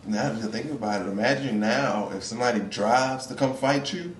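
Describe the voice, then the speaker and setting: A man chatting casually and comically, telling stories with quick impressions. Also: medium pitch, a little hiss or hum. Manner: animated storyteller, slips into quick impressions. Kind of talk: casual comedic chat. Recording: roomy echoey studio.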